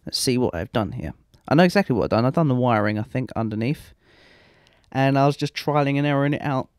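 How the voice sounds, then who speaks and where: A man's voice: medium pitch, animated, fast, smooth, dry recording, studio quality. A young man giving rambling, self-mocking gameplay commentary and swearing freely. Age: young adult. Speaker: let's play host.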